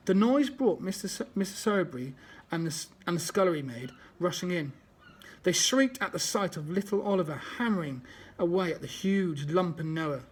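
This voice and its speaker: Higher-voiced man reading a children's story aloud, unpolished, restarting often. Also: moderate pace.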